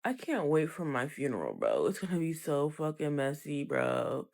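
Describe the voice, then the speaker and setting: Gravelly, deadpan musing voice. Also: medium pitch, normal speed. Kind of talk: casual musing monologue.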